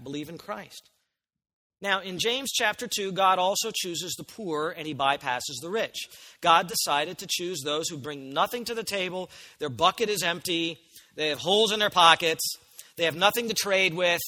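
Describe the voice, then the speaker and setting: A high-voiced man preaches with a bright, forceful edge. He reads scripture with rising emphasis and drops into quieter, conversational asides to his congregation. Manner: animated, shifts between quiet asides and loud emphatic reading. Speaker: pastor. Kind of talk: sermon.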